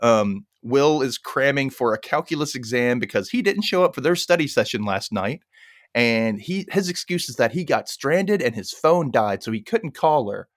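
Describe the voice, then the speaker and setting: A man hosts a casual podcast recap with a lively, swooping delivery. He laughs often and slips into silly voices to mimic the characters. The sound is dry and close, with no room around it. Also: medium pitch, normal speed, no room sound. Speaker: podcast host.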